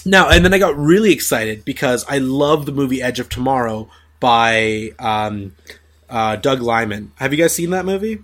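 A man hosting a casual chat about movies, swearing freely and giving animated opinions. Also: mid-range voice, normal speed. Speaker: podcast host.

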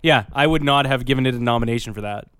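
A man's voice: mid-range voice, fast talker, fairly bright tone, clear, resonant tone, no room sound, clean studio sound. A man co-hosting a movie podcast, teasing his partner and laughing along in casual chat. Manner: laid-back, laughing, teasing pushback. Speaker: podcast co-host.

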